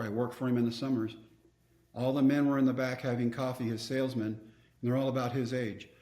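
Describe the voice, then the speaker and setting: A man's voice: mid-range voice, dark tone, reverberant. Earnest man telling stories. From Texas. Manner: earnest, reflective storyteller. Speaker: guest speaker. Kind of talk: storytelling interview.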